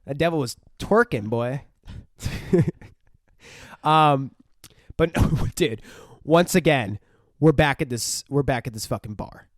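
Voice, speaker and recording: A man's voice: mid-range voice, slow pace, pauses often, no room sound, studio quality. A man co-hosting a podcast, casually recapping a film in a profane, rambling way. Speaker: podcast co-host. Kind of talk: casual film review chat.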